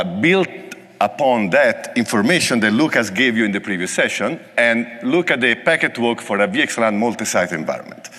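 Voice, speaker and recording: A man's voice: medium pitch, pushed and bright, long reverb tail. A man with an Italian accent giving a joking, conversational technical talk at a conference. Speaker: conference presenter. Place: large conference hall.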